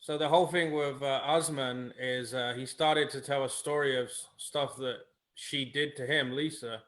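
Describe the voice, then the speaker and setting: A man co-hosting a podcast in casual chat, halting and repeating words as he retells scenes. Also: medium pitch, fairly even intonation, fairly bright tone. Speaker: podcast co-host.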